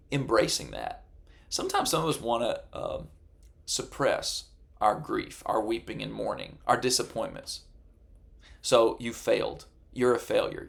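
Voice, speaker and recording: Gravelly-voiced man preaching earnestly. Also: medium pitch. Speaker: pastor. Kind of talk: sermon.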